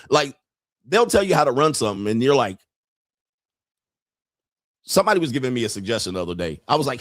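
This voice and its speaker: A man's voice: medium pitch, sing-song, a little fast, long pauses, dry recording. Brash ranting man, very dry sound. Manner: brash, ranting, laughs often, mimics people. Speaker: podcast host. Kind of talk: profane livestream monologue.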